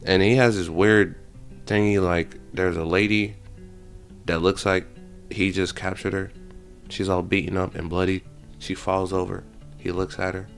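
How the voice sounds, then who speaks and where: Casual male vlogger recapping a film, low rough voice, lively slang-heavy delivery. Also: measured pace, long pauses, soft background music. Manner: animated storytelling with slang and profanity. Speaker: channel host.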